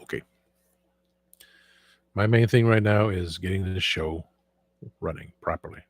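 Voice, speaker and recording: A man with a sore, hoarse voice hosting a casual livestream and rambling with frequent restarts. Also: low-pitched, unhurried. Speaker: show host.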